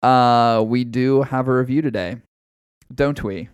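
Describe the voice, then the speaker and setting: A man's voice: medium pitch, unhurried, clean tone, no echo. A man hosting a casual podcast, rambling and swearing freely and often breaking into laughter. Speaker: podcast host.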